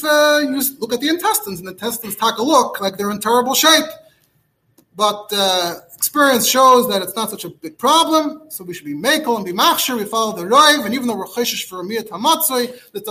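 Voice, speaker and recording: Rabbi doing a rambling shiur, lots of ums, kinda high voice. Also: male voice, expressive, fairly quick, pushed and bright. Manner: chatty, digressive, many fillers and restarts. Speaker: rabbi teaching a halacha class. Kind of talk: informal Torah lecture.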